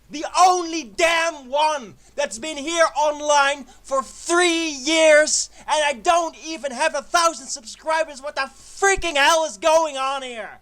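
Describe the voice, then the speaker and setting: High shrill guy screaming a profane rant, bright harsh voice. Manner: shouting, furious, profane. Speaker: online ranter. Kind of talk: angry rant.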